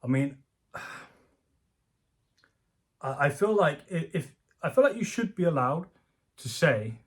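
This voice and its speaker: A man's voice: a little high, lively intonation, takes it slowly, pauses often, husky. A man giving casual, jokey commentary from home as a YouTuber, rambling and laughing often. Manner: chatty, jokey, self-deprecating, laughs often. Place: home room.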